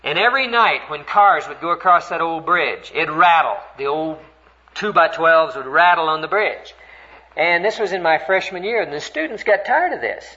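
An older man preaching a sermon, earnest and animated as he tells a story, voice climbing high when stirred. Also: moderate pace. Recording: dull, lo-fi recording.

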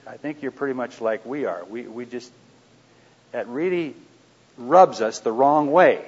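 A man teaching a live audience in a conversational way, asking them questions and dropping into quiet asides. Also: medium pitch, measured pace, husky. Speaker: seminar speaker. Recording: dull lo-fi recording.

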